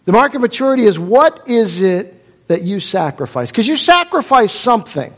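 A man preaching a sermon in a church, his voice sitting a little on the higher side. He drives his points home by repeating key phrases and slipping into quoted voices. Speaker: pastor.

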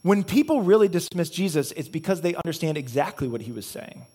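A man with a notably high voice delivers a sermon as a pastor. He preaches earnestly, stacking one reason on another in repeated chains. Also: lively intonation, a little fast, hardly any pauses, warm tone, breathy edge. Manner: earnest, repetitive preaching with building cause-and-effect chains.

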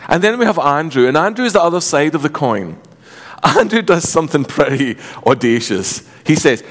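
A man preaching from the front of a church, with an ordinary middle pitch for a man. He moves between calm reading and playful, animated storytelling that jumps up in pitch. His voice rings out with a long hall reverb. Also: moderate pace. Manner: lively, joking storytelling with big swings in pitch. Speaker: pastor. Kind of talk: sermon.

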